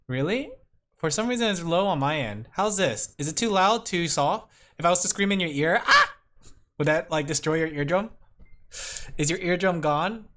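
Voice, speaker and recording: Faint music plays as a streamer draws and chats loosely with viewers, rambling, laughing often, and talking right to the chat. The voice is medium-pitched and fairly bright, captured on a streaming microphone with headphones.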